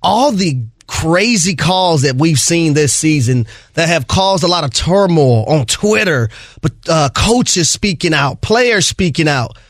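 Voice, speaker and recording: A man co-hosting sports radio in a fairly high voice. He argues his takes emphatically and keeps the tone playful. The recording is close and dry. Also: expressive, measured pace, no room sound. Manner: laughing, playful, emphatic opinions. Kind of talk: sports talk show banter.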